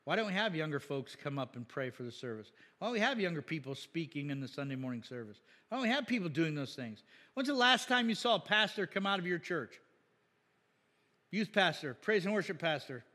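Joking pastor preaching in a reverberant church. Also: male voice, on the high side, very animated, brisk. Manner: jokey, laughs often, rises to loud emphatic peaks. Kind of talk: sermon. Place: church sanctuary.

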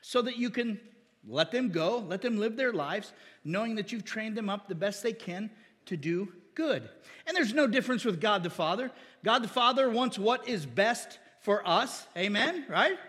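A man's voice: sits high, fairly bright tone, breathy edge, long reverb tail. A man preaching as pastor, often calling for an amen from the congregation. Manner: call-and-response asking amen. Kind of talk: sermon.

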